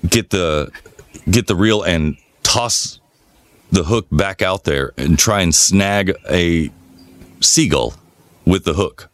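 A man co-hosting a podcast, telling rambling, profane stories in a relaxed, casual way. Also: low-pitched, takes it slowly, no room sound. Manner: relaxed rambling storyteller, swears freely. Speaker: podcast co-host. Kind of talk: casual chat, storytelling.

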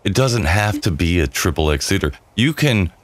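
Deep-voiced man in goofy chat. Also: expressive, moderate pace, dry recording. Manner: joking, goofy, rambling. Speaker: podcast co-host. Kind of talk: casual chat.

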